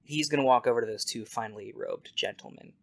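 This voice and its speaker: A man's voice: medium pitch, fast, gravelly. Guy rambling casually as a player at a tabletop game, mid voice.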